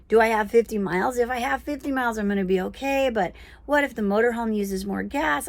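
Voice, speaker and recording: A woman casually telling a personal story with animated, prayerful, self-deprecating energy. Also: on the high side, brisk, gravelly, hardly any pauses, no room sound.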